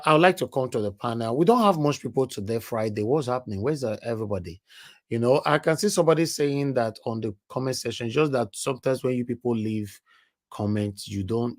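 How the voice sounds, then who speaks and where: A man with a Nigerian accent hosting a live call-in stream, chatting casually and speaking straight to his viewers with bits of pidgin. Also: mid-range voice. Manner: chatty, addresses viewers directly, mixes in pidgin. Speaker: live show host.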